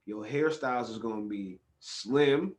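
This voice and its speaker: A man from California, hosting a podcast in a casual, profane, animated storytelling style. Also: lowish voice, unhurried. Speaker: podcast host. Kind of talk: casual chat.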